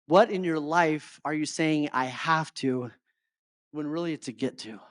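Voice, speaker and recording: A man's voice: a little high, normal speed, no room sound, studio quality. A middle-aged man giving a motivational talk to a live audience as a life coach. He keeps checking in with his listeners and often stumbles over and repeats his words.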